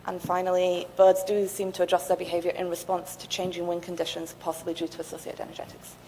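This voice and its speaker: A woman's voice: fairly low pitch, little pitch movement, fast talker, warm tone. A woman finishing her conference talk and thoughtfully answering an audience question. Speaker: conference speaker. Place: lecture hall. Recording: reverberant hall with faint noise.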